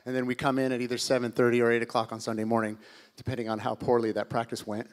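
A man's voice: mid-range voice, flat delivery, quick pace. A man who is a church worship director, speaking with wry, self-deprecating humor at a service. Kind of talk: church announcement interview.

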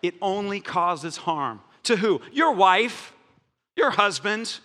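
A man, a pastor, preaching a sermon in a church, animated and jokey with strong emphasis. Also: high-pitched, slow. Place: church hall. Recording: echoey church hall.

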